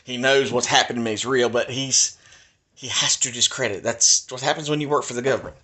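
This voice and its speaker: A man's voice: medium pitch, steady tone, a little fast, pushed and bright. A man in a heated, insistent monologue at his house, repeating his points and ranting. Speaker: video maker ranting on his channel.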